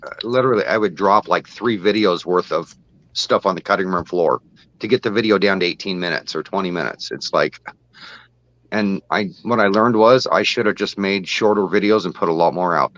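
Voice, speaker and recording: A man's voice: low-pitched, fairly quick, a bit bright, lo-fi sound. A man chatting on a live stream, rambling through his explanations with lots of fillers. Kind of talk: casual live-stream chat.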